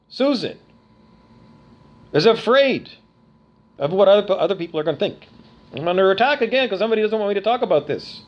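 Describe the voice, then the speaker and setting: A man's voice: high voice, lo-fi sound. A middle-aged man from Canada ranting angrily to camera, profane, accusatory and repetitive. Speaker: vlogger. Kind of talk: angry rant to camera.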